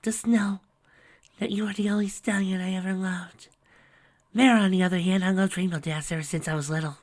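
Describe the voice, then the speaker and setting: Fluttershy, a breathy timid mare, whispered by a man. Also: high-pitched, fairly even intonation, a little fast, voice pushed up, close to an everyday voice. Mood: faint, tender. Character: timid gentle pegasus mare, frail and dying.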